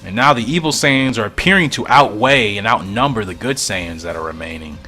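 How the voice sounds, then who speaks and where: A man's voice: fairly low pitch, expressive, brisk, bright, forceful tone, soft background music. A man reading a fan comic aloud and thinking aloud in a musing, often puzzled way. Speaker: comic reader and reactor.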